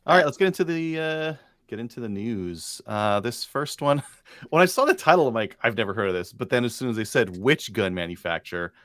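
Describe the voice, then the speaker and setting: A man's voice: mid-range voice, big pitch swings, a little fast, fairly bright tone, no echo. A man hosting a casual talk show, reading out news items loosely with many fillers. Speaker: podcast host. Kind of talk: casual chat. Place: studio.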